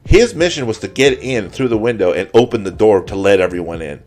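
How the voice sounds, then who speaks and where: A man's voice: fairly low pitch, expressive, brisk, a little mellow. A man in a casual podcast chat, telling a long profane story, repeating his words as he goes. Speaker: podcast co-host.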